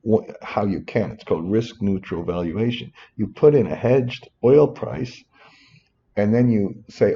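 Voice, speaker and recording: In this screen-recorded spreadsheet lesson, a male finance instructor wanders through the material, pausing for muttered asides and apologies. His lowish, gravelly voice is expressive and slightly slow, and the audio has its highs cut off.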